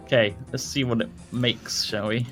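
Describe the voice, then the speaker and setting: A man playing a multiplayer game with friends, excitably shouting at his trains and laughing. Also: mid-range voice, moderate pace, soft background music. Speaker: host. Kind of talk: casual multiplayer gaming chat.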